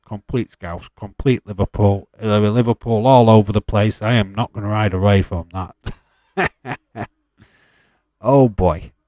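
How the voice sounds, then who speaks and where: A man's voice: fairly low pitch, measured pace, pauses often, mellow, no echo. A man hosting a live watch-along stream, chatting casually, answering viewer questions with frequent laughs and the odd swear.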